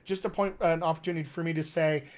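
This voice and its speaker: Chatty guy coaching accents live, encouraging, voice on the higher side. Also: fairly even intonation, fast. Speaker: dialect coach. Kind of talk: live-stream accent lesson reading comments.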